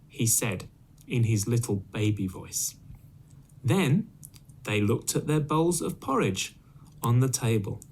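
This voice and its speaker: Man reading a fairy tale aloud, slow, clear, lively pitch, for learners. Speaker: storyteller for English learners.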